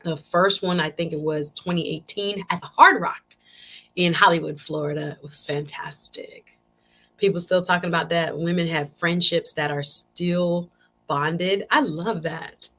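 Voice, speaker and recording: Hosting her live-stream talk show, a woman talks with viewers in a casual, animated way and repeats phrases a lot. Her voice is lowish and sharp, with a steady tone and moderate pace.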